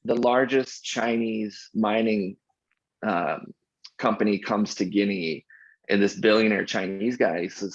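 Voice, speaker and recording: A man as a podcast guest, telling an animated anecdote in casual conversation, often restarting his sentences. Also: lowish voice, a little slow, slightly rough, no room sound. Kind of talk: casual interview storytelling. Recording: dull lo-fi dry sound.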